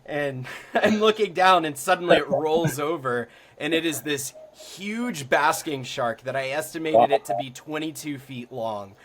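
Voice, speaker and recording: A young man from Florida, a podcast guest telling stories in a casual, rambling way full of ums and likes that grows lively at the exciting parts. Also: a little high, measured pace, a crowd in the background. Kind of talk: casual storytelling.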